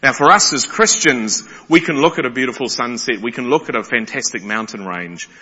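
A man preaches with excitable energy, tripping over restarts as he marvels aloud. His voice is bright and forceful. It rings out through a large hall with a long, muffled reverb. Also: medium pitch, brisk, breathy edge. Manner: animated, excitable, stumbling restarts. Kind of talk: sermon.

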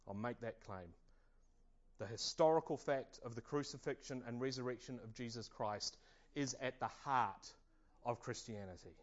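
A man preaching a sermon at a church service, earnest and measured. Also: mid-range voice, lo-fi sound.

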